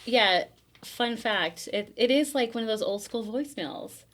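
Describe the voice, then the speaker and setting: A woman's voice: a little high, lively intonation, measured pace, a bit bright, slight background noise. A woman co-hosting a podcast, chatting in a bubbly, enthusiastic way. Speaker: podcast co-host. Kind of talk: casual chat.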